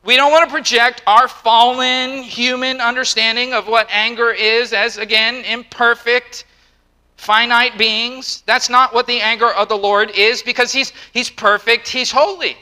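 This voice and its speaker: Bright, high-voiced preaching man. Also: steady tone, normal speed, rough recording. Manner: emphatic, repeats words, acts out quotes. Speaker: pastor. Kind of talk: sermon.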